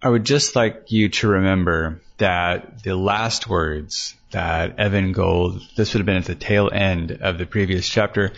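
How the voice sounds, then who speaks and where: Low-voiced male storyteller, muffled. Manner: measured, then chatty asides. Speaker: podcast storyteller. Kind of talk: scripted narration of a serial story. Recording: dull lo-fi recording.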